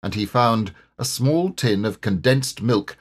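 A man reading a children's storybook aloud with expressive storytelling. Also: lowish voice, a little slow. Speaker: audiobook reader. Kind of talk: storybook narration.

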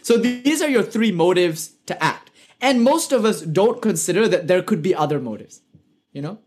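British guy teaching spirituality online, bit higher voice, earnest, asks lots of rhetorical questions. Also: lively intonation, normal speed, a little mellow, faint music behind. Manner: earnest, rhetorical questions, light joking asides. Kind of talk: live online lecture.

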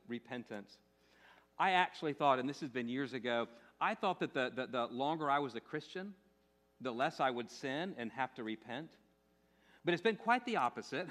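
A man's voice: a little high, fairly bright tone. A male pastor preaching a sermon, repeating phrases and asking the congregation rhetorical questions.

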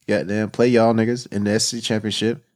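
A man co-hosting a podcast in casual sports banter, loud and teasing, laughing often. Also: lowish voice, little pitch movement, quick pace. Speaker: podcast co-host.

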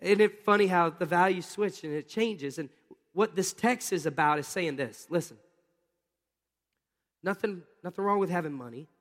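A man's voice: high-pitched, normal speed. Preaching man in a reverberant hall. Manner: casual, animated preaching with audience questions. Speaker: pastor. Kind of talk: sermon.

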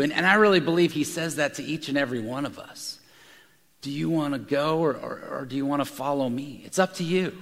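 A man delivers a sermon in a large room, drifting between personal storytelling and scripture. His voice sits a little high with a gravelly edge, and he often doubles words as he talks. A long reverb trails his voice through the hall. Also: lively intonation, moderate pace, fairly bright tone. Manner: storytelling with frequent repeated words. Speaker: pastor.

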